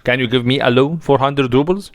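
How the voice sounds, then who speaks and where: A man's voice: medium pitch, a little fast, natural voice. A man reading the part of a boastful young male impostor official in a dramatic reading of a play, in a smug, offhand way.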